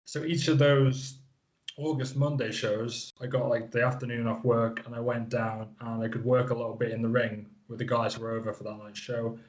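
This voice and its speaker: Thirties guest from the Isle of Man, mid-pitched, loose rambling storyteller, muffled audio. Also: flat delivery, moderate pace. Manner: rambling, lots of fillers and restarts. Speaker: guest wrestler. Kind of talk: casual interview chat.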